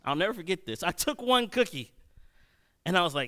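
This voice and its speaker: A man preaching a sermon, telling a personal story and swinging between loud and hushed delivery. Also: high-pitched, big pitch swings, a little fast.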